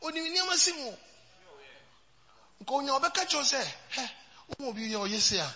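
A very high, piercingly bright male voice, preaching in a sermon that rises and falls, from hushed asides to shouts. He mixes English with Twi. The sound is dull and rings through a long, echoing hall. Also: sing-song, moderate pace. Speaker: pastor.

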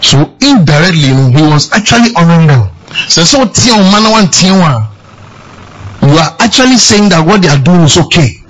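A man preaching a sermon, forceful and emphatic, often shouting. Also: fairly high pitch, animated, fairly quick, husky, poor audio. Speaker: pastor.

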